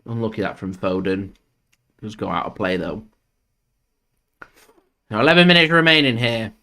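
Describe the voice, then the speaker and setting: Chatty football fan commentating live. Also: male voice, lowish voice, moderate pace, bright, forceful tone. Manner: chatty, jokey, laughs often, swears. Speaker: fan channel host doing live match commentary. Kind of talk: casual live watchalong commentary.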